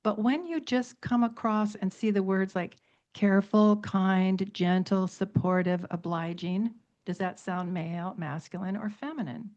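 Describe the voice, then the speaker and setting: A woman's voice: mid-range voice, a little slow. Emphatic middle-aged woman on dull radio. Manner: emphatic, animated storytelling with long lists. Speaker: author and radio guest. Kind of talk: radio talk show discussion.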